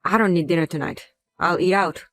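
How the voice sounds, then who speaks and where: A woman's voice: lowish voice, fairly quick, fairly bright tone, no room sound. A woman voicing a resentful adult husband who talks in a curt, contemptuous way in a scripted drama. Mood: cold.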